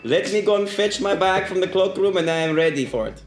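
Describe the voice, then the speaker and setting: A man's voice: high voice, expressive, brisk. A young man in his twenties in a comedy improv scene, flustered and laughing, with put-on accents. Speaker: guest. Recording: echoey room with music behind.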